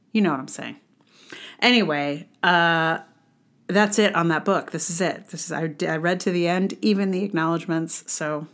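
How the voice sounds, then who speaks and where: A woman's voice: on the low side, fairly bright tone. Ranting sarcastic woman book reviewer. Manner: wry, conversational with fillers. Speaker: podcast host reviewing a book. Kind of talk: casual monologue.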